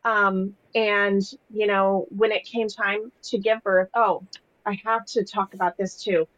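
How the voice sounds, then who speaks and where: A young woman speaks as a podcast guest, telling her own story in a candid, emotional, rambling way. Her mid-pitched voice comes through slightly dull and dry, with no room sound around it. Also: flat delivery, a little slow, fairly bright tone, no room sound. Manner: candid, emotional, heavy use of fillers. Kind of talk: casual personal storytelling.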